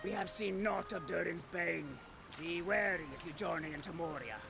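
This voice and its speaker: An actor playing a gruff male dwarf warrior in a video game, speaking in a grave, warning tone with a gravelly voice. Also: a little high, moderate pace, pushed and bright, soft background music. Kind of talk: video game character dialogue.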